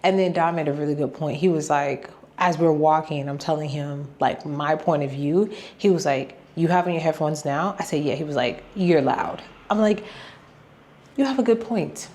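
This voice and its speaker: Chatty low-voiced woman vlogger. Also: normal speed, few pauses. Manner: chatty, animated retelling with quoted asides. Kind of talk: casual storytime vlog.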